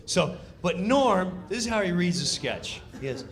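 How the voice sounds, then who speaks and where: A male comedian telling a backstage story in an animated, conversational stand-up style. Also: sits high, unhurried, hardly any pauses, a crowd in the background. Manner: animated, conversational, builds to punchlines.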